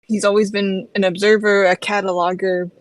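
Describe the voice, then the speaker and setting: Female co-host, casual and chatty, mid-pitched, dry recording. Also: flat delivery, moderate pace, no echo, low-quality recording. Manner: chatty, many "like"s and "you know"s, laughs often. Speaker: podcast co-host. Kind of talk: casual book discussion.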